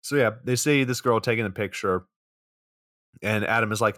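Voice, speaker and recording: A man's voice: lowish voice, moderate pace, long pauses, sharp tone, no echo. A man co-hosting a podcast, recapping a movie's plot in a dry, profane, casual way. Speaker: podcast co-host.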